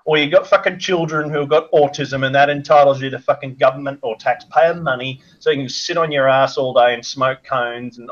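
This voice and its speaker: A man's voice: medium pitch, fairly even intonation, a little fast, hardly any pauses, lo-fi sound. An Australian man ranting in a crude, mocking way, firing off insults as a guest on a chat show.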